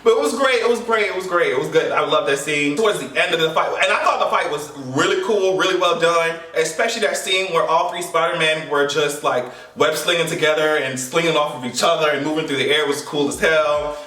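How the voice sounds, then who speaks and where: A man with a bright, somewhat high voice talks through a movie plot in a loose, playful, profane way. He is set back from the mic in a reverberant room, with faint music underneath. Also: fairly quick, few pauses, recorded from a distance. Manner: animated, profane and playful, laughing often. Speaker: movie reaction vlogger. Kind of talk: casual movie recap.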